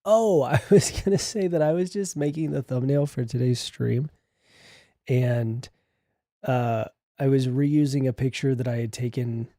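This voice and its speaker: A man's voice: medium pitch, unhurried, warm tone, dry recording, studio quality. A young man hosting a casual livestream, chatty and joking as he reads the chat aloud. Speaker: livestream host.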